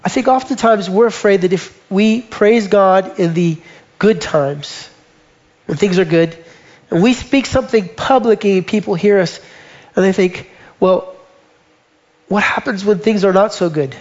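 High-voiced emphatic male preacher, lo-fi. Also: a little mellow. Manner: emphatic, slows and drops to near whisper on quoted lines. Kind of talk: sermon.

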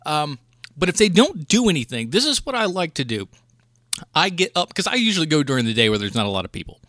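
A man's voice: on the high side, very animated, quick pace, a bit bright, no echo, studio quality. A man hosting a podcast, ranting in a profane, fired-up way about rude moviegoers in casual chat. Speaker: podcast host.

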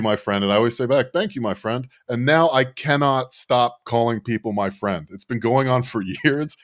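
A man's voice: mid-range voice, no echo, studio quality. A man co-hosting a leftist podcast, chatting casually in a sardonic, rambling way with frequent restarts. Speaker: podcast co-host. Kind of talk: casual political podcast banter.

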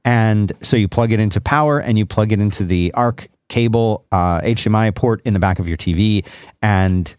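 A man's voice: lowish voice, normal speed, darkish tone, smooth, dry recording, clean studio sound. A man co-hosting a podcast, explaining gadgets in a rambling, self-correcting casual chat. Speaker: podcast co-host.

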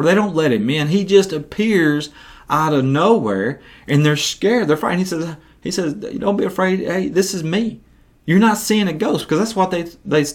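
A man hosting a Bible-teaching podcast, telling the story in an earnest, animated way. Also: mid-range voice.

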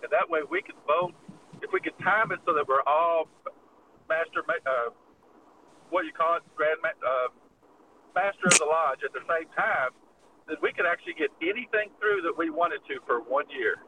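Guy telling a funny story on a podcast, kinda high voice, lots of laughing. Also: normal speed, far from the mic, narrow, tinny audio, slight background noise. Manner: animated storyteller, laughs often. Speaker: podcast co-host. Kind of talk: casual chat.

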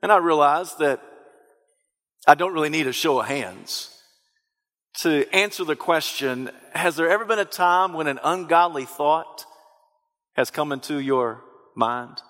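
A male pastor delivers an emphatic, repetitive sermon in a fairly high voice, at times lifting into a sung preaching cadence. His words ring out through a church sanctuary with a long reverb tail. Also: measured pace, pauses often, fairly bright tone. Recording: long reverb in a large hall.

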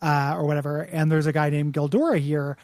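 A man's voice: a little high, steady tone, fairly quick, darkish tone, no room sound, clean studio sound. A man co-hosting a podcast, chatting casually as he recaps a video game, rambling and acting out the characters' lines. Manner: rambling, laughs while telling, acts out characters' lines. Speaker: podcast co-host.

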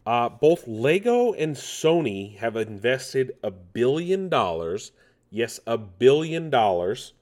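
A man's voice: mid-range voice, very animated, slow pace, a little mellow. Playful, rambling male news host. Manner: playful, rambling, jokes and self-asides. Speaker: host of a nerd news show. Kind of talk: casual news chat.

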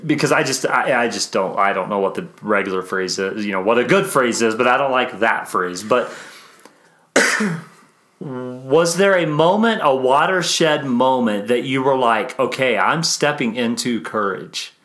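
A man's voice: mid-range voice, a little slow. A man hosting a podcast interview, talking in a musing, conversational way, restarting sentences and trailing off as he frames his questions. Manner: warm, musing, many restarts and trailing phrases. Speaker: podcast host.

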